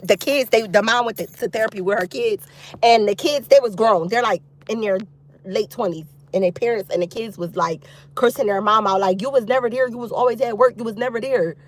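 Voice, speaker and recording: Chatty, expressive single-mom vlogger woman. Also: on the high side. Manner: chatty and expressive, laughs often, loose colloquial grammar. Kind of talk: casual chat. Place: outdoors outside a youth football practice.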